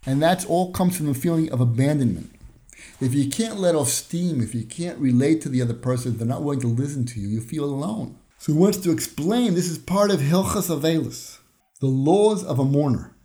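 Warm in tone, fairly quick, and pitched on the high side, a man hosts a podcast where he gives a chatty Torah lesson. He leans on everyday examples, acts out short conversations, and now and then lets out a chuckle.

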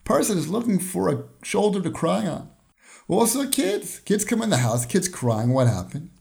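Man, podcast host, Torah lesson, slightly high voice, conversational, chuckles now and then. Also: sing-song, moderate pace, creaky, darkish tone. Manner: explains with everyday examples and acts out short dialogues.

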